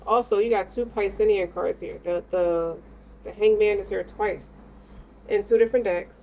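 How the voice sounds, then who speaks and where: A tarot reader speaks at normal speed in a steady, medium-pitched voice, rambling casually with slang and curses directly to her listener. Faint noise runs under the dull, lo-fi recording.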